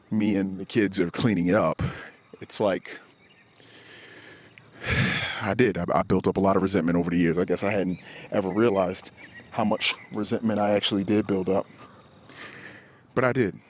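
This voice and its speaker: A man hosting a podcast, speaking in a candid, self-critical and profane confessional monologue. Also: low voice. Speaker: podcast host.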